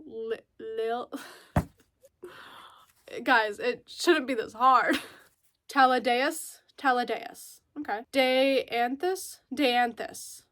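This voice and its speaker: A woman chatting casually in a book vlog, gushing and excitable, repeating words for emphasis and slowly sounding out unfamiliar names. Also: on the high side, dry recording. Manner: sounds out fantasy names slowly, stumbling and laughing. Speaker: book vlogger.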